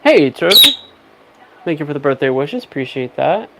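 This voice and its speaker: A man's voice: fairly high pitch, animated, quick pace, a little mellow, a little hiss or hum. A man hosting a casual livestream, chatting with viewers and coaxing his pet bird. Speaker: pet parrot owner streaming.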